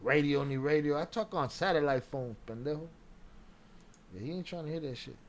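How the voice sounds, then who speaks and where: A man's voice: on the high side, fairly quick. A man giving loose, slangy, profane commentary as a streamer. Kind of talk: casual commentary.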